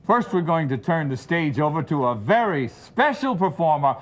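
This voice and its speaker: A man hosting a talk show, trading lively banter with his co-host and introducing guests. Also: on the high side, normal speed.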